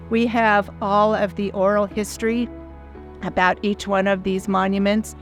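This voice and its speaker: Earnest woman in her sixties, flat delivery. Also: medium pitch. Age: 60s. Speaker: foundation founder. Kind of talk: personal storytelling.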